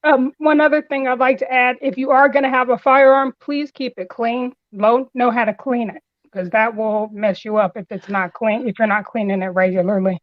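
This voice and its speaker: A woman's voice: fairly high pitch, fairly even intonation, moderate pace, no echo. Earnest woman caller on lo-fi call audio. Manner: polite, earnest.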